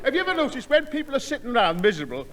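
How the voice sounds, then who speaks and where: An actor playing a loud, overfamiliar neighbour who laughs at his own jokes, in a vintage radio comedy. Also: extremely high pitch, huge pitch swings, very fast, long reverb tail, heavily acted. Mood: jovial. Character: brash, joke-cracking middle-aged neighbour. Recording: old broadcast with studio audience laughter.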